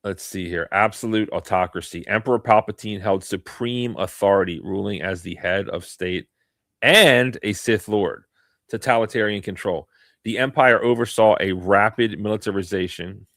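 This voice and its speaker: A man with a lowish voice hosts a live online talk stream, reading text aloud in a mock-serious, sarcastic way. His voice sounds dry and close, with no room around it. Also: moderate pace, fairly bright tone, dry recording. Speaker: host.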